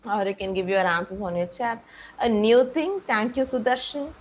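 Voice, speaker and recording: A woman's voice: mid-range voice, normal speed, a little hiss or hum. A woman giving an online presentation to faculty and students, explaining step by step and often stopping on "okay" and "all right". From India. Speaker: panel speaker on innovation policy.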